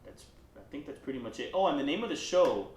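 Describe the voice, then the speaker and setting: A man's voice: on the high side, lively intonation, fast, roomy sound, recorded from a distance, noisy background. A young man co-hosting a casual comedy podcast, acting out both sides of his stories with lots of cursing and laughter. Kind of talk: casual storytelling chat.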